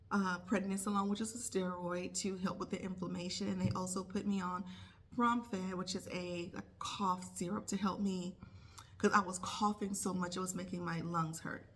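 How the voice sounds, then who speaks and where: A woman's voice: lowish voice, steady tone, normal speed. A woman who is a nurse, telling a casual vlog story and acting out her own thoughts in quotes. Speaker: nurse vlogger.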